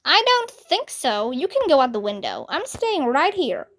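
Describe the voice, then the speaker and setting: Lady reading as a jumpy cheeky schoolboy, high voice, storybook read-aloud. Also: wildly swooping pitch, normal speed, fairly bright tone, full character voice. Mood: nervous. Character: nervous schoolboy, cheeky and stubborn.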